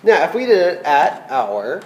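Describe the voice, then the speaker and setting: A man's voice: fairly high pitch, very animated, a little slow, a little mellow, a little hiss or hum. Band teacher guy walking students through flute music, patient, voice goes up and down a lot, roomy echo. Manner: patient, checks in with "okay?" often. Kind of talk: recorded music lesson.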